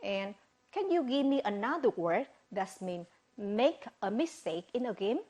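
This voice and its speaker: A woman's voice: mid-range voice, sing-song, a little mellow, husky. A woman with a Vietnamese accent teaching English vocabulary on television, asking questions and answering them herself with "very good". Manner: slow, drawn-out, asks questions and praises with "very good". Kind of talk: televised classroom lesson.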